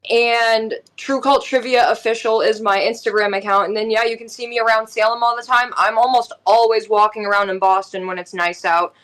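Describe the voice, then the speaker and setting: A woman's voice: fairly high pitch, a little fast, few pauses. Chatty young New woman. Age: 20s. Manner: relaxed, chatty, many "like" fillers. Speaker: podcast guest. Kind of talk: casual chat.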